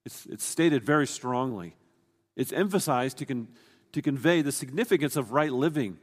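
A man's voice: medium pitch, animated, normal speed, big-room sound. A man preaching a sermon, explaining a scripture passage in an earnest, teaching way, often restarting his sentences.

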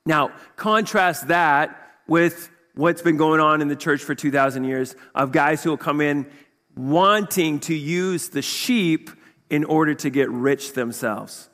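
A man preaches in a slightly high voice, talking to the congregation in a loose, conversational way. He keeps pressing them with rhetorical questions, and his words trail off into a long, echoing hall reverb. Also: slow pace, fairly bright tone. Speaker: pastor. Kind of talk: sermon.

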